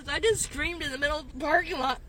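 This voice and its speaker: A woman's voice: sits high, background noise. A woman in her fifties, tearful and distraught, venting in a rambling way to her phone from inside her car. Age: 50s. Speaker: gig delivery driver.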